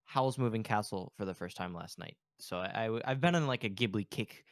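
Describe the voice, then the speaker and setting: A man's voice: lowish voice, a little fast, dry recording, clean studio sound. A young man co-hosting a casual podcast, joking and rambling with restarts. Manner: joking, rambling, self-interrupting. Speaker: podcast co-host.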